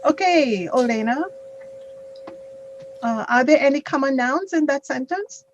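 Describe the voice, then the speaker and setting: A fairly high-voiced woman teaching English grammar over a video call, patient and slow in her explanations. The audio is dull and lo-fi, like an online call. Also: expressive, a little hiss or hum. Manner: patient, explains slowly with examples.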